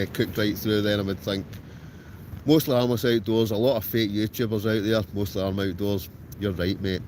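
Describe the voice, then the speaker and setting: Scottish man chatting over storm wind. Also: on the low side. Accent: Scottish, Ayrshire. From Scotland. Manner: chatty, answers viewers by name. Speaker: livestream host. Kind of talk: casual chat reading live comments. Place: tent outdoors in a storm at night.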